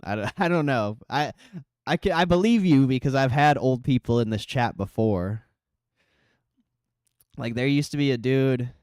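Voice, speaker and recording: Brief: male streamer, laid-back and profane, talking to chat, smooth clear tone, dry close sound. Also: mid-range voice, dry recording. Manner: relaxed, profane, reading chat aloud. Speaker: livestream host. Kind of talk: casual live stream chat.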